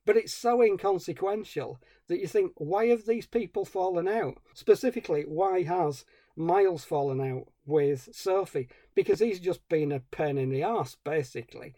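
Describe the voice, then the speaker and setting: A man's voice: on the high side, moderate pace, dark tone, no room sound, studio quality. A man co-hosting a film podcast, ranting about a movie in a wry, sarcastic way. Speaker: podcast co-host. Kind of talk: casual film review chat.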